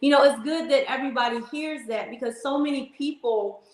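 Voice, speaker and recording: A woman's voice: high voice, fairly quick, roomy sound, poor audio. A woman hosting a faith talk show, speaking in an encouraging, preacherly way. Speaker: host.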